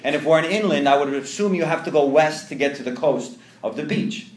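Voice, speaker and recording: A man's voice: a little high, fairly quick. Man telling a story in an echoey room. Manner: animated, self-interrupting storyteller with many restarts. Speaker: speaker sharing recovery story. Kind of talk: storytelling testimony to a live audience.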